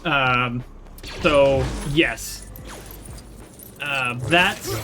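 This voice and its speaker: A streamer giving casual, rambling commentary while playing, self-deprecating and quick to laugh. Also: medium pitch, music in the background. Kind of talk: casual livestream gameplay commentary.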